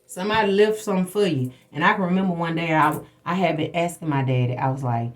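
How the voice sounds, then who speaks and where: Hosting a spiritual livestream, a woman with a fairly low voice talks fast as she shares personal stories. She is blunt, profane and preachy, chatting casually with her viewers about spiritual matters.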